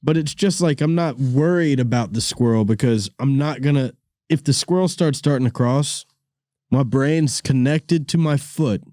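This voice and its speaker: A young man hosting a podcast, telling stories in a casual, animated way with lots of laughter and sudden high-pitched bits. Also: dry recording, studio quality. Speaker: podcast host. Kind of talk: casual storytelling chat.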